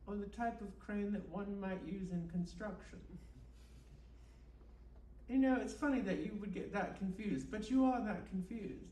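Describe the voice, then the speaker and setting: A woman leading an absurd, deadpan guided meditation and chatting with the host at a live bookstore event. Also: medium pitch. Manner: deadpan absurdist, rambling with fillers. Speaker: guest performer. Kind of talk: comic improvised guided meditation and chat. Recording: roomy and distant, faint background noise.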